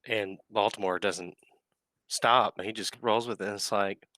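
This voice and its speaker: Man with a bright, forceful low voice. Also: fairly even intonation, measured pace, no room sound. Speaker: player. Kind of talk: tabletop game chat.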